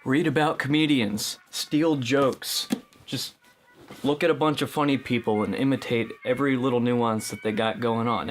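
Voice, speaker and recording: A man's voice: medium pitch, a little hiss or hum. Sarcastic young man in a mock how-to monologue. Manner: sarcastic, mock-instructional, shifts into silly voices. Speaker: comedy video host. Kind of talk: satirical scripted monologue.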